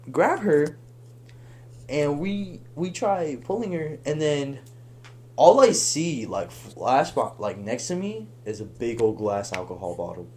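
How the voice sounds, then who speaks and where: A young man telling a long story on a podcast in a casual, animated way, laughing and acting out the voices of the people in it. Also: a little high, a little hiss or hum. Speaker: podcast guest.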